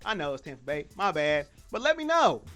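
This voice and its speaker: A man hosts a casual live football podcast, his voice sitting high and bouncing with excitement. He rambles, repeats points, and pokes fun at his own mistakes, with faint music playing underneath. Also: brisk. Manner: excitable, self-deprecating, repeats himself. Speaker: podcast host. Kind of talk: casual live sports chat.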